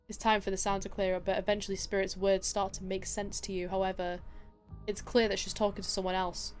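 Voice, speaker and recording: A woman streamer casually reading a game aloud, swearing and joking between lines. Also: mid-range voice.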